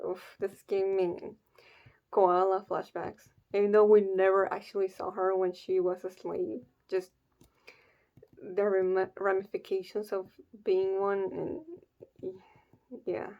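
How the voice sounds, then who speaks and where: A woman hosting a comic reaction video, reading panels aloud and reacting in a hesitant, casual way with soft sighs. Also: mid-range voice, flat delivery, slow pace, highs cut off.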